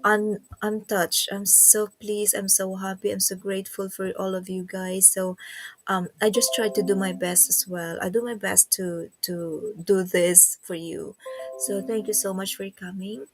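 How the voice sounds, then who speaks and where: A woman's voice: medium pitch, steady tone, unhurried, over music. A woman with a Filipino accent hosting a casual livestream, chatting and reading viewer comments aloud. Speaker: livestream host.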